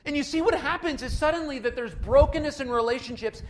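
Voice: high-pitched, fast talker, a little hiss or hum. A pastor preaching a sermon in a conversational way, repeating key phrases for emphasis and speaking straight to the congregation.

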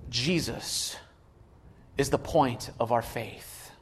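A man preaching a sermon without notes, moving between quiet asides and loud emphatic calls. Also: mid-range voice, takes it slowly. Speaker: pastor.

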